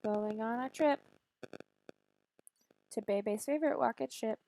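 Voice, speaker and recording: A woman's voice: on the high side, a little slow, gravelly, background noise. Playful sarcastic woman streamer. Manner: playful, sarcastic, makes silly beep and boop noises. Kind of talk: casual chatter while playing a game.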